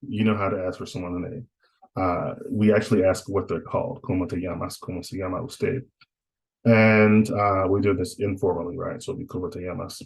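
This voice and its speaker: A man's voice: low voice, fairly even intonation, fairly quick, creaky, low-quality recording. A man teaching Spanish in a recorded online lecture, talking in a casual, reassuring way, with many "uh"s and frequent "right?" checks. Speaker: Spanish instructor.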